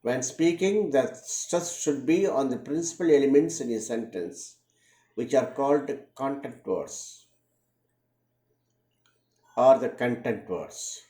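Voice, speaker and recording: A man giving a read-aloud lecture, measured, repeating words slowly to show their stress. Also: mid-range voice, warm tone. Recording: roomy echo.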